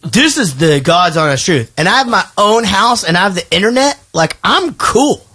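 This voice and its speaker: A man's voice: sits high, big pitch swings, normal speed, sharp tone, slightly rough. Rambling, foul-mouthed male podcast host. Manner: rambling, swears freely, many fillers. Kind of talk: casual chat.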